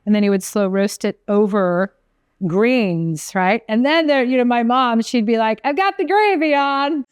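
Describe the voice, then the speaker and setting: A woman's voice: medium pitch, measured pace, clean tone, no echo, studio quality. A woman chef co-hosting a podcast, telling rambling family food stories in casual chat. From from an Italian American family. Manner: chatty, animated storyteller, trails off mid-sentence.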